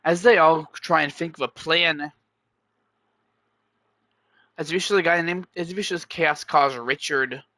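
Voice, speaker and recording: A man's voice: a little high, a little slow, pauses often, sharp tone, dry recording. A young man narrating an amateur story in a rambling way, often restarting and chaining clauses.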